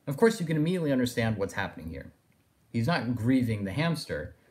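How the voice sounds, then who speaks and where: Male lecturer, discursive and reflective, middle-pitched voice. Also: very animated, fast talker, a little mellow. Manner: discursive, thinking aloud with fillers like "in a sense". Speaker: philosophy lecturer. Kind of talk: recorded lecture.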